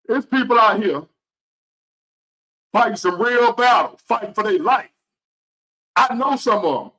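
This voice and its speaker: A man's voice: high-pitched, animated, a little slow, long pauses, bright, forceful tone. A man in his fifties giving a blunt, profane, preachy motivational rant to the camera. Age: 50s. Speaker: vlogger.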